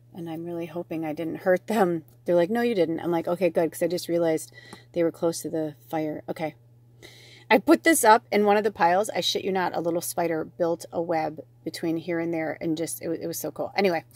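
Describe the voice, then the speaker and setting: A woman's voice: fairly low pitch, no echo. A woman giving a casual spiritual card reading, chatty and gushing, thinking aloud and swearing now and then. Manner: thinks aloud, with many fillers and restarts. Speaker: tarot and oracle card reader.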